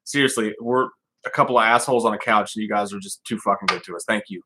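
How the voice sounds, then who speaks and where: A man's voice: lowish voice, fast talker, noisy background. A man co-hosting a casual livestream, talking loosely with plenty of swearing and laughter. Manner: profane, excitable, laughs often. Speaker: co-host.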